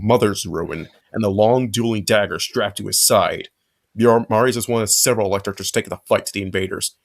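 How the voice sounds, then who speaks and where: Man casually reading a fanfic aloud. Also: on the low side. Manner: casual read-aloud with occasional slips. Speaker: narrator.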